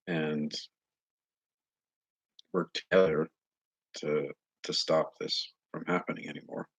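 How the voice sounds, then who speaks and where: A man talking straight to his viewers in a casual monologue, earnest and halting as he searches for words. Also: extremely low pitch, creaky, fairly bright tone, slightly rough, dry recording. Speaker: vlogger addressing viewers. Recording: dull lo-fi recording.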